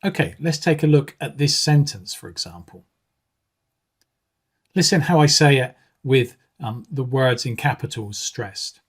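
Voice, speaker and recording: A man with a husky, slightly breathy voice explains pronunciation like a patient teacher. He speaks at a middling pitch in a measured way, often filling pauses with um and uh. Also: expressive. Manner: measured, with frequent um and uh fillers. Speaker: English exam teacher. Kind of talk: explanatory video lesson.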